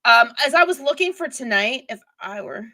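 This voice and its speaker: A woman's voice: on the high side, lively intonation, normal speed, sharp tone. A middle-aged woman hosting a live stream, chatting casually and digressively while reading viewer comments.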